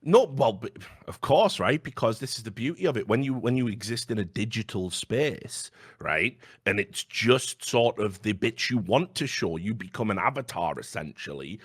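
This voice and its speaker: A man's voice: lowish voice, lively intonation, moderate pace, slightly rough, dry recording, clean studio sound. A man in casual chat, blunt and sweary, telling stories with animation.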